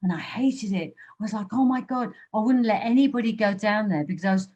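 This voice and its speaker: A woman's voice: mid-range voice, fast, darkish tone, muffled recording. A woman hosting a podcast, chatting casually and drawing her guest in with tag questions. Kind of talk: casual chat.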